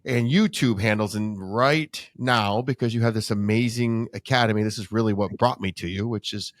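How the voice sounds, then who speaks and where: A man's voice: lowish voice, normal speed, no echo. Podcast host guy asking long rambly questions, dry close sound. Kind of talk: interview.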